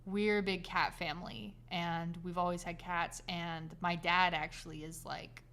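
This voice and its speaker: Animated woman telling a podcast story. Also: fairly low pitch, a little slow, slight background noise. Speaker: podcast co-host. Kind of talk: casual chat.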